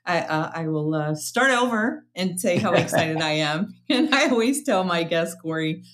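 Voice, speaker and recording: A woman's voice: fairly low pitch, expressive, normal speed. A woman hosting a podcast interview, chatty and upbeat, often restarting her sentences as she goes. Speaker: podcast host. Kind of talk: casual interview chat.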